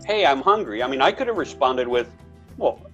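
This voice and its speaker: A man's voice: very animated, a little fast, fairly bright tone, highs cut off, faint music behind. A man co-hosting a casual talk about relationships, telling anecdotes and acting out bits of dialogue. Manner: storytelling, acts out dialogue with big pitch jumps. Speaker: podcast co-host.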